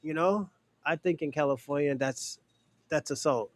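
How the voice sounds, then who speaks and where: A man's voice: on the high side, moderate pace. A man hosting a podcast who gives blunt, profane opinions in casual talk and speaks straight to his co-hosts. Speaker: podcast host.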